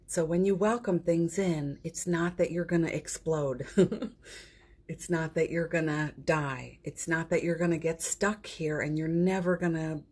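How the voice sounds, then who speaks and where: Middle-aged woman healer hosting a livestream, low-ish and breathy, gentle and affectionate with viewers. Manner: gentle and affectionate, greets viewers by name, laughs often. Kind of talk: casual spiritual pep talk on a livestream. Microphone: phone or computer mic for a livestream.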